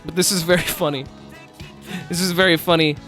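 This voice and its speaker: A man's voice: a little high, steady tone, brisk, fairly bright tone, soft background music. A man streaming live, chatting casually, laughing often and swearing as he rambles.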